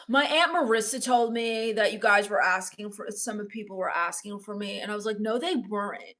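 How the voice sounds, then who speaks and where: A woman playing a sullen, bitter teenage goth girl in live-stream character comedy, mopey, deadpan and scornful as she reads the chat. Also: mid-range voice, normal speed, close to an everyday voice. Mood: sulky.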